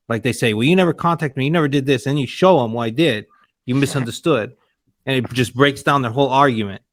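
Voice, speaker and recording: A man's voice: mid-range voice, no echo, clean studio sound. A man who is a guest on a casual podcast, chiming in with questions and his own examples. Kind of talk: casual chat.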